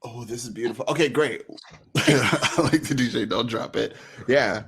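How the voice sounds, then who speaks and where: A man co-hosting a live online event, chatting casually, laughing often and keeping things lively. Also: medium pitch, moderate pace, slightly rough. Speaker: event co-host. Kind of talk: casual live-stream chat.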